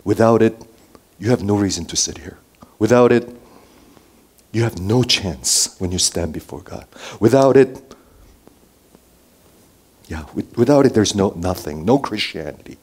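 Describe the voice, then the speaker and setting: A male pastor preaching a sermon to a congregation, swinging between raised emphasis and hushed near-whispers and often checking in with "okay?". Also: on the low side, expressive, a little slow, pauses often. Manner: checks in with the listeners with frequent "okay?". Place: church before a congregation.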